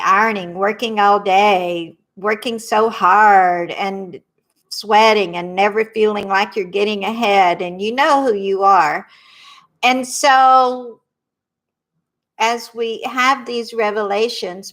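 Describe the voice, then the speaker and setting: A woman who works as an intuitive, leading a guided tapping workshop in slow, soothing repetition for viewers to follow. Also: medium pitch, fairly bright tone.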